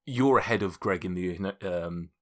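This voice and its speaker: A man narrating as game master, chatty and quick to laugh. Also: sits low. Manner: chatty, laughing often, casual swearing.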